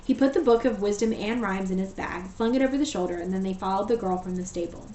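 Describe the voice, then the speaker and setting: A woman teacher reading a storybook aloud in a steady, gentle way. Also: medium pitch, fast talker. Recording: echoey room, voice far from mic.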